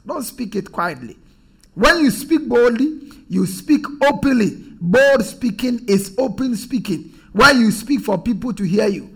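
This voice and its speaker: A man's voice: high-pitched, vocal fry, fairly bright tone, husky. A man preaching a sermon as pastor, emphatic and repetitive, reading scripture aloud.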